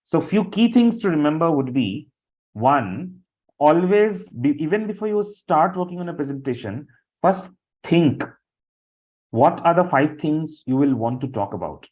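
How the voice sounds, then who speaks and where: A man's voice: on the high side, big pitch swings, unhurried, darkish tone. A man instructs a group over a video call, and the audio comes through dull and lo-fi. He talks off the cuff, circling back with fillers and repeated words as he explains. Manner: loose, repetitive talk with many fillers. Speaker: session instructor. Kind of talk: live online training session.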